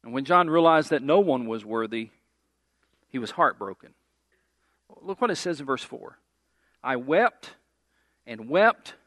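A man preaching a sermon, building to loud emphatic declarations and dropping to quiet asides, putting questions to the congregation. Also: mid-range voice, no room sound.

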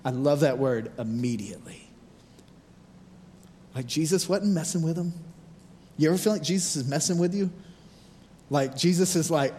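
Casual, animated man preaching in a reverberant hall. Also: fairly high pitch, normal speed, long pauses, a little hiss or hum. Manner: informal, animated, lots of "like". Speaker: pastor. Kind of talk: casual conversational sermon.

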